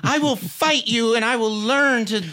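A woman's voice: fairly high pitch, moderate pace, a bit bright, close to an everyday voice. A woman playing a small, earnest boy cleric in an improvised musical role-play.

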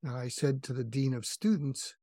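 A man's voice: medium pitch, normal speed, warm tone, no echo, clean studio sound. An older man from New England, a psychiatrist guest, telling a personal story in an earnest, reflective, self-revealing way.

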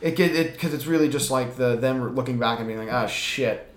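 A man's voice: medium pitch, fast talker, reverberant. A man co-hosting a podcast, ranting about a movie in casual, profane chat and mock-quoting characters. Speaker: podcast co-host.

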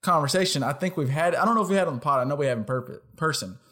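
A man with a slightly higher voice co-hosting a casual podcast. He rambles chattily, restarts his thoughts and laughs easily. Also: expressive, rapid-fire, fairly bright tone. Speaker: podcast co-host. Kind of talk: casual chat.

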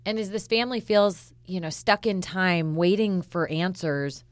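A woman reporter with a low voice recounts a news story in an earnest, conversational way. The sound is dry and close, with no room around her. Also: unhurried, no echo. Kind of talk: podcast news discussion.

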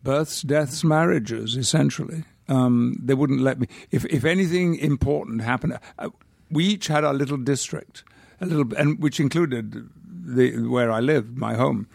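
An older man from the north of England tells stories in a measured, wry way. His voice has a gravelly, slightly creaky texture, and the sound is dry and close, with little room around it. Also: mid-range voice, darkish tone, no echo. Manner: measured, articulate, wry storyteller. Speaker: guest actor. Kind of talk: anecdotal interview storytelling.

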